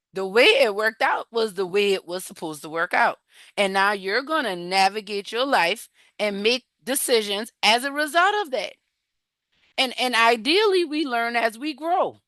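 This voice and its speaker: A woman coaching a support group, retelling scripture in an animated, encouraging, conversational way. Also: on the high side, no room sound. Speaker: emotional wellness coach leading a support group. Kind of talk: faith-based coaching talk retelling scripture.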